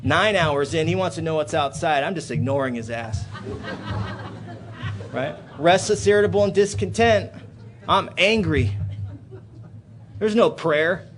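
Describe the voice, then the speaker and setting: A man's voice: fairly high pitch, unhurried, pauses often. Man in his thirties telling a recovery story. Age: 30s. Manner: storytelling, builds to loud animated outbursts. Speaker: AA speaker. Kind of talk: recovery meeting talk. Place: hotel conference hall.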